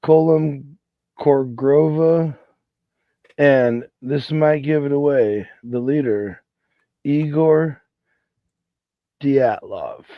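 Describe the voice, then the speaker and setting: A man co-hosting a podcast, reading hard names in a halting way and stumbling over them. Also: medium pitch, no echo, highs cut off. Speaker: podcast co-host. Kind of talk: casual chat, reading names aloud.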